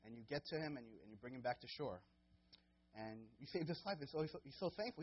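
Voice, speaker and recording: A young man preaching a casual sermon as a guest preacher, with many fillers and restarts, getting loud and high when he acts out scenes. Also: expressive, fast talker, husky, dull audio.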